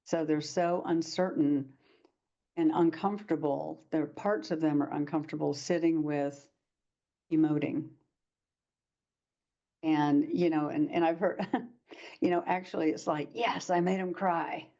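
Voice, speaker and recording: A woman's voice: deep voice, steady tone, a little slow, pauses often, mellow, lo-fi sound. A woman presenting a workshop lecture to practitioners, talking in a conversational way and acting out short quoted exchanges.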